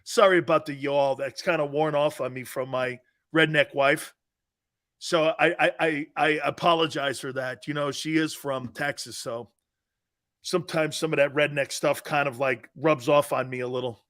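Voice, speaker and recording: A middle-aged man hosts a sports talk show in a loose, joking way. His voice sits a touch higher than most men's. He laughs often, trails off and restarts his sentences as he banters with his crew. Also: steady tone, normal speed, fairly bright tone.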